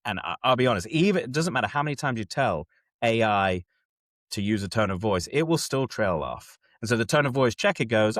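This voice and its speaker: A man's voice: on the low side, brisk, dry recording. A man hosting a casual chat, explaining step by step and often checking that his co-host is following. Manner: animated, keeps checking in with listener.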